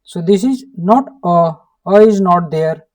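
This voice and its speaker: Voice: medium pitch, a little slow, a little mellow, recorded from a distance. A language teacher from India with an Indian English accent, giving an online lesson, repeating each word again and again and prompting with a questioning "hmm?".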